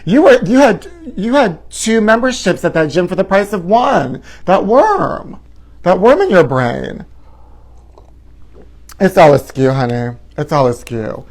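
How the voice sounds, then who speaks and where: A man's voice: high-pitched, very animated, measured pace. A man in his forties hosting a live gossip talk show, flamboyant and sassy, calling his viewers honey. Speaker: host.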